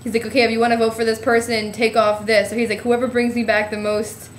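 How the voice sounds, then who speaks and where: A woman's voice: a little high, little pitch movement, fast, roomy sound, slight background noise. A young woman from New Jersey telling a trip story in a giggly, rambling way, full of "like". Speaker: vlogger. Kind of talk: casual storytelling.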